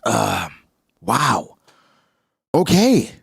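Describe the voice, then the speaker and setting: An excitable man gives casual reaction commentary, his voice gravelly and a little husky. His pitch swings widely as he exclaims and jokes. The sound is dry and close. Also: drawn-out words, dry recording. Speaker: manga reaction streamer.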